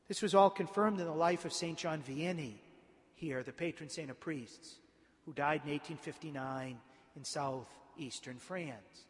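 Impassioned high-voiced priest in a reverberant church. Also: male voice, unhurried. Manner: builds from quiet to emphatic, impassioned. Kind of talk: sermon.

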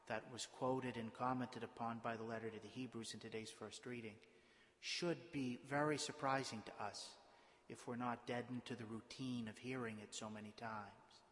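A man serving as priest, reading a Gospel passage in a measured liturgical way, then preaching a homily with explanatory asides and rhetorical questions. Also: mid-range voice, fairly bright tone, long reverb tail, slight background noise. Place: church.

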